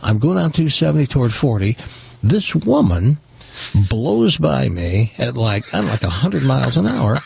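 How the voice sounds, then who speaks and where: A man's voice: medium pitch, sing-song, normal speed, creaky, darkish tone, slight background noise. A middle-aged man telling funny stories in casual talk, acting out the dialogue of the people in them. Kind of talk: casual storytelling.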